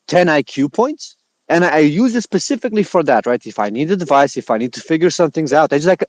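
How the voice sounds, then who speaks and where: A man talking casually as a podcast guest, relaxed and joking, with many fillers. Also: fairly high pitch, no room sound. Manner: relaxed, jokey, uses many filler likes.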